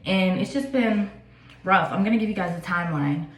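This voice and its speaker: A young woman in her twenties tells a personal story in a relaxed, rambling vlog style. Her voice sits a bit low. The room gives it a noticeable echo. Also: moderate pace. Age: 20s. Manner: casual, chatty, many fillers. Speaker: vlogger. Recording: echoey room.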